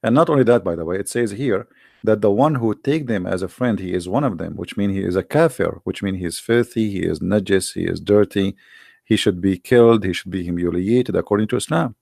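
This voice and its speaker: A man hosting a livestream who tells stories in animated, broken English and talks straight to his audience. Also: low-pitched, brisk, gravelly, no room sound, studio quality. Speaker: livestream host. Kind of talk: casual livestream storytelling.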